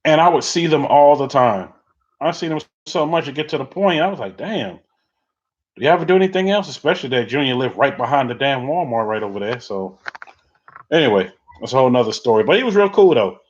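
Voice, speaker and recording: Middle-aged male streamer, casual rambling storyteller, average pitch, dull lo-fi audio. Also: lively intonation, fairly quick. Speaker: livestream host. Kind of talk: casual chat reading viewer comments.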